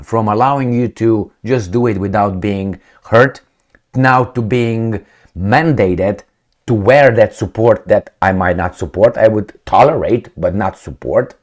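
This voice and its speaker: Blunt middle-aged man, somewhat low voice, rambling vlog commentary full of fillers. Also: measured pace. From Romania. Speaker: vlogger. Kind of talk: opinion commentary.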